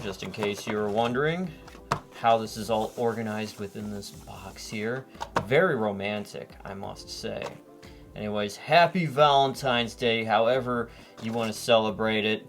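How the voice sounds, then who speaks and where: A man's voice: lowish voice, moderate pace. Dry, wry man unboxing on a vlog. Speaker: vlogger. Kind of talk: casual unboxing commentary. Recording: loud music behind.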